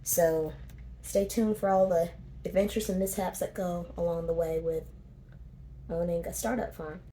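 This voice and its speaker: A woman's voice: fairly low pitch, fairly even intonation, normal speed, dark tone, a little hiss or hum. A woman, chatting casually with plenty of ums as she walks around her small farm. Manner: chatty and informal, with frequent ums. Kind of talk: casual vlog chat.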